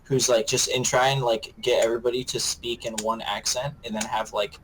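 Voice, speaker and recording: Brief: casual male podcast co-host, quick to laugh, noisy call audio. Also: medium pitch, little pitch movement. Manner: brainstorming, laughs often. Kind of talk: casual chat.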